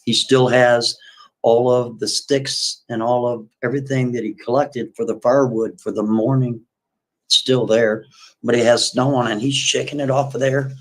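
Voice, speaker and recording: A man hosting a livestream, retelling a story in a casual, folksy way with repetitive, animated asides. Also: mid-range voice, normal speed, rough recording.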